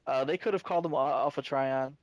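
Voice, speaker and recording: A man co-hosting a casual fan discussion podcast, talking in halting bursts full of restarts and fillers. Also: mid-range voice, no echo, lo-fi sound. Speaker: podcast co-host.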